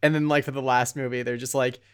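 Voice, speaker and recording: A man's voice: medium pitch, little pitch movement, quick pace, clear, resonant tone. A man co-hosting a podcast in casual chat, mostly reacting with short remarks and adding trivia. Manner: short reactions, laughs, adds bits of trivia. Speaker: podcast co-host.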